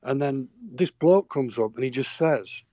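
A man's voice: medium pitch, expressive, measured pace, dark tone, no room sound, dull audio. A middle-aged man from Sheffield with a Yorkshire accent, a touring musician telling long rambling anecdotes full of fillers and restarts. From Sheffield, England. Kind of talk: anecdotal interview chat.

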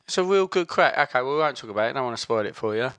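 This is a chatty man with an Essex accent, talking loosely on a podcast and tripping over his own sentences. His voice is bright and forward, recorded close and dry with no room sound. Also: medium pitch, expressive, very fast, dry recording. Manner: chatty, laughing, restarts and stammers. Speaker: podcast co-host. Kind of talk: casual chat.

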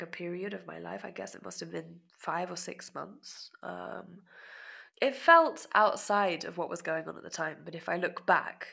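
A woman guitarist as a guest, candidly recounting a personal story, often laughing at herself and sometimes dropping to a soft murmur. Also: on the low side, gravelly, slightly rough. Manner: reflective, frequent self-conscious laughs, drops to soft murmurs.

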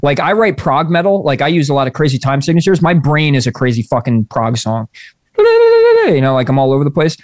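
A man's voice: fairly high pitch, huge pitch swings, brisk, darkish tone, no echo, studio quality. Casual rambling male podcast co-host. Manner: rambling, restarts often, swears casually. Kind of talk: casual chat.

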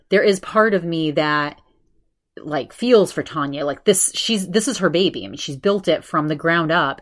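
Chatty woman podcast host, lowish voice. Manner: chatty, many restarts and fillers. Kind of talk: casual podcast review.

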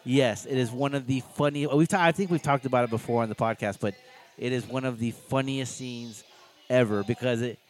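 A man's voice: mid-range voice, a little fast. A man co-hosting a podcast, chatting casually about a show they are watching and laughing often. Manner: laid-back, laughs often, acts out quotes. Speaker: podcast co-host. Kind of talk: casual reaction chat.

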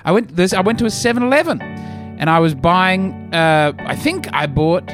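A man talks through a comic podcast monologue, poking fun at himself as he goes. His voice sits a touch high and swings widely up and down. Music plays clearly underneath him. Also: moderate pace. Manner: animated, self-mocking, jokey. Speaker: podcast host and comedian. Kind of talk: casual comedic monologue.

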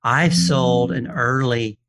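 A man with a medium pitch and a slow pace shares stories as a guest on a casual radio show, where he appraises watches. He brings the characters to life, quoting their words, and frequently begins his sentences again.

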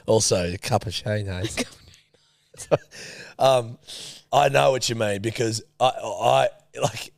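A young adult man, co-hosting a casual podcast with rambling stories and deadpan jokes. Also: fairly low pitch, slow pace, vocal fry, no echo. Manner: joking, rambling, deadpan quips. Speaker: podcast co-host. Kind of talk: casual chat.

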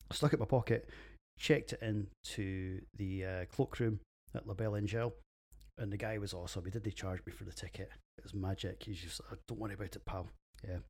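A man's voice: on the low side, creaky. A Scottish man hosting a solo beer podcast from his home office, talking in crude, sweary, self-mocking banter. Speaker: podcast host reviewing beers. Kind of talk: casual solo podcast monologue.

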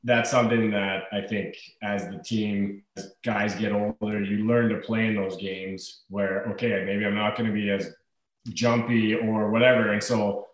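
A man's voice: lowish voice, little pitch movement, a little slow, a little hiss or hum. A man in his thirties, a hockey player guest in a casual interview, talking in an easygoing, rambling way with fillers. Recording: echoey room.

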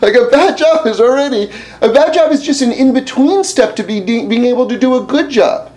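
A man telling a personal story with a lesson in a casual, animated way, full of fillers and restarts, rising high and loud when he makes his point. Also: fairly quick.

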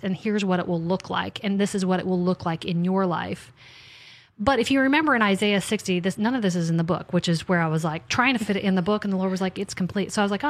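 A woman author and podcast host in casual faith conversation, chatty and animated, acting out her talks with God in little asides. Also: medium pitch.

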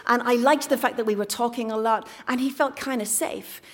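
A woman telling a candid personal story on stage in a playful way, dropping into hushed asides. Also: a little high, brisk. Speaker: story slam finalist.

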